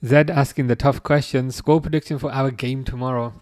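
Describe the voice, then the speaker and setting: A man's voice: medium pitch, steady tone, darkish tone, dry recording. Chatty man on a dry close mic. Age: 30s. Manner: halting, many restarts, chuckles often. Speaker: streamer hosting a football watchalong. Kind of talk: casual live-stream chat reading comments.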